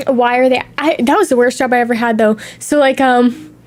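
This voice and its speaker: A woman's voice: a little high, steady tone, fairly quick. A young woman streamer talking in a casual, candid chat, drifting from one tangent to the next, a little sniffly from allergies.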